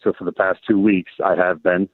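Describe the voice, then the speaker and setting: An American man calling in to a radio show, talking in a relaxed, unhurried way over the phone. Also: low voice, no room sound. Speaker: caller. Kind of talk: phone-in call. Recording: tinny phone line.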